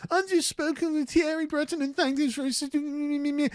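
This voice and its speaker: A man's voice: extremely high pitch, fairly even intonation, a little fast, no echo, pitched above the performer's own voice. A man voicing a mocking impression of a whining male European politician, with a sing-song, nasal whine. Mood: whining mockery.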